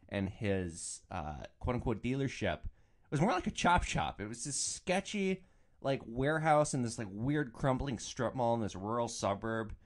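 A man in his twenties hosting a podcast, telling rideshare stories in a casual, profane, joking way. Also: lowish voice. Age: 20s. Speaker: podcast host and rideshare driver. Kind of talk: casual storytelling.

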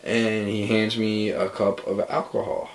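Young man, low voice, loose rambling storyteller who acts out the quotes. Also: flat delivery, measured pace, poor audio. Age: young adult. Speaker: storytelling guest. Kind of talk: casual party stories.

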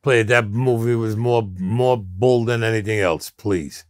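A man's voice: on the low side, unhurried, a little mellow, no echo, clean studio sound. A man in an interview, telling stories in a blunt, streetwise way. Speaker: interview guest. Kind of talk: storytelling interview.

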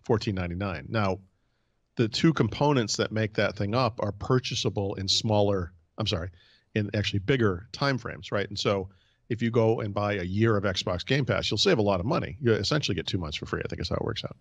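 A man's voice: on the low side, a little fast, no room sound. A man hosting a casual tech podcast, thinking aloud in a chatty way. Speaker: podcast host.

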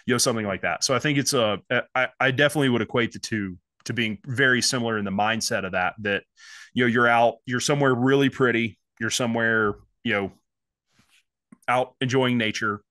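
A man's voice: mid-range voice, fairly quick, sharp tone, dry recording, clean studio sound. A man chatting as a podcast guest, rambling with lots of restarts and fillers. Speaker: podcast guest, fly-fishing business owner. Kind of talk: casual podcast chat.

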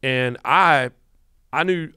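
Male, 50s, North Carolina Southern accent, animated podcast storyteller, dry studio sound. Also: a little high, takes it slowly, clear, resonant tone, dry recording. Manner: animated storyteller who acts out quotes. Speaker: guest podcast host.

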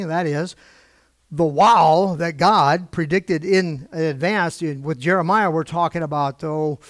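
Gravelly-voiced pastor preaching conversationally. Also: male voice, a little high, dry recording, clean studio sound. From United States. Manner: conversational, questioning the congregation; emotional, gets worked up. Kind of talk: sermon. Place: church pulpit.

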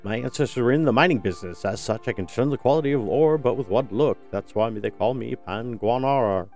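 A man's voice: mid-range voice, brisk, darkish tone, soft background music, natural voice. A man reading aloud the lines of a boastful male game character who is an expert on ore.

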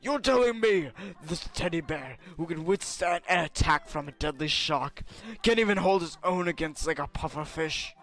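A man's voice: a little high, animated, normal speed, a bit bright. A man voicing an arrogant, hot-tempered alien prince warrior while playing a video game, brash and insulting, yelping in panic. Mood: brash, panicky. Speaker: game player. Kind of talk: comedic let's-play voice parody.

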